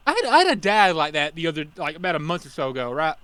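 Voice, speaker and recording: A man's voice: on the high side, sing-song, very fast, a bit bright, smooth, dry recording. A man co-hosting a casual podcast, rambling through annoyed stories about running carnival games. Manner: rambling, repeats himself, annoyed storytelling. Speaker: co-host, carnival game attendant.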